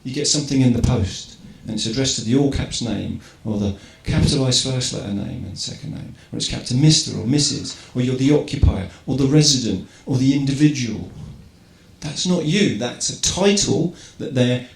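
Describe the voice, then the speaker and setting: A gravelly, expressive English voice at medium pitch carries through an echoey event hall at a moderate pace, faint ambience in the background. The man speaks casually to the live crowd, asking rhetorical questions and checking in with "right?" as he goes.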